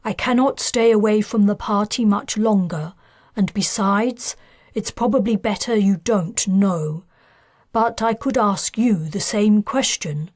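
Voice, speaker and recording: A woman voicing a smooth, scheming man of high society who bargains in clipped lines, in an audiobook. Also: unhurried, darkish tone, no echo, clean studio sound, close to an everyday voice. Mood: bargaining.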